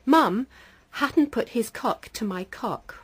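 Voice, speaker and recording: A woman's voice: on the high side, expressive, slow pace, breathy edge, pitched above the performer's own voice, heavily acted. A woman reading the lines of a small girl. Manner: quoted in a raised, emphatic reading voice. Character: small girl of three telling her mother.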